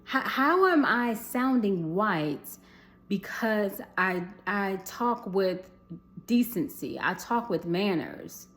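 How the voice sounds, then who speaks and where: A woman's voice: mid-range voice, very animated, takes it slowly, a bit bright. A young adult woman telling a personal story to viewers in a casual storytime vlog, chatty, calling them y'all and swearing freely.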